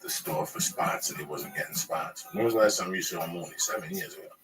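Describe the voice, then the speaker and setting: A man in casual chat who talks in a low-key, confiding way and sometimes drops his voice to a near whisper. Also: a little fast, over music. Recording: distant mic with crowd noise behind.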